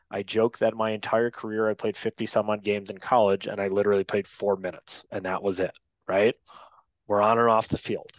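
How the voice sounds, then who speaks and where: A man's voice: on the low side, dry recording. A man teaching a training class for new sports officials, direct and to the point, often tagging his points with "right?". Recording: dull lo-fi dry sound.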